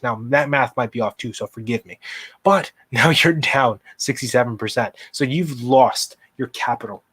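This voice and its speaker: A man's voice: mid-range voice, brisk, a bit bright, slightly rough, no echo. Emphatic male stock livestream host, dry sound. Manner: impassioned, emphatic, warns viewers, reacts to chat. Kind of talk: live market commentary with charts.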